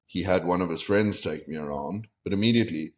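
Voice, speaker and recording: A young South African man with a very low voice speaks fairly quickly as a guest with a podcast host. He tells a long personal story in a casual, candid way, slipping into the quoted voices of people he met.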